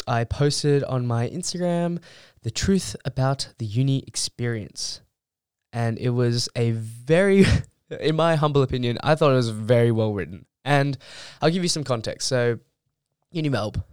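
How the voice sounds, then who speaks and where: A man's voice: medium pitch, a little mellow, clear, resonant tone, dry recording, studio quality. A young man, a university student, ranting bluntly and heatedly in a casual monologue, swearing freely. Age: young adult.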